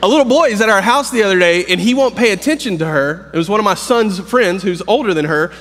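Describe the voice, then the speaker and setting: A pastor in his thirties tells jokes and family stories from the stage, his somewhat high voice breaking up with ums and restarts. Each phrase trails into a long hall reverb. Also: fairly bright tone. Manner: joking, storytelling, halting with fillers. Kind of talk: humorous preaching. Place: campus worship hall.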